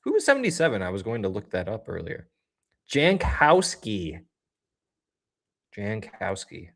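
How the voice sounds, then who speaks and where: A man's voice: lowish voice, huge pitch swings, rapid-fire. Chatty man hosting a live game stream. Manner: chatty and upbeat, reacts loudly to plays; talks straight to chat viewers. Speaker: livestream host. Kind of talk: casual live game watch-along commentary.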